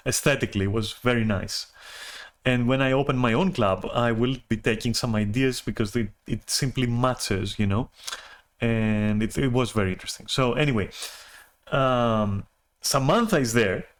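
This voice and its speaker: A man streamer telling a story in a casual rant, animated, swearing and restarting often. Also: mid-range voice, normal speed.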